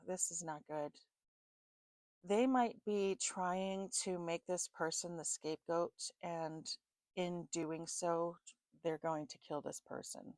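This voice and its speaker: A woman's voice: fairly low pitch, steady tone, slow, a little mellow, no room sound. A North American woman doing a casual tarot and spirit box reading, musing aloud and often checking in with "okay?". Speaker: tarot reader.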